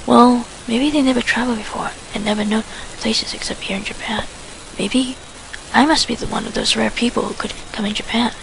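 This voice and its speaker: A woman softly reading first-person story narration. Her voice sits slightly high and carries a very heavy gravelly fry, with a faint hiss of noise behind it. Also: steady tone, brisk, poor audio. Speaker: fan fiction reader.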